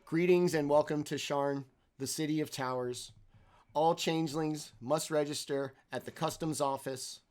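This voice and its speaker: A man's voice: fairly high pitch, fairly even intonation, measured pace, a little mellow, close to an everyday voice. A man voicing a cheerful robotic gate greeter construct that speaks like a stiff recorded announcement. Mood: announcing. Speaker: game master.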